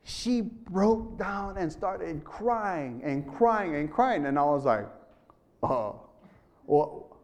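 A middle-aged pastor preaching with a high, light voice. He tells his story like a preacher, rising to loud proclamations and then dropping to quiet, close asides. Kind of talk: sermon.

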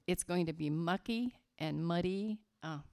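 A woman from West Virginia giving a children's sermon at church, telling a story slowly and emphatically to the kids. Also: on the low side, a little mellow.

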